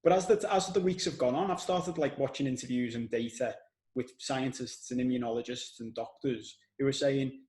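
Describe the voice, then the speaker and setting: A man with a Scouse accent hosting a podcast, telling stories in an animated, casual way and swearing now and then. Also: mid-range voice, moderate pace, echoey room, poor audio. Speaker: podcast host. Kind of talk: casual conversational podcast chat.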